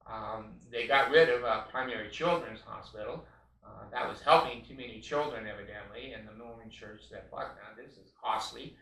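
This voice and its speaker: A man's voice: on the low side, normal speed, gravelly, bright, forceful tone, reverberant, recorded from a distance, poor audio. An older man delivering an impassioned, emphatic monologue as a host, repeating his points with many hesitations. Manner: emphatic, repetitive, frequent uh fillers. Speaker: podcast host.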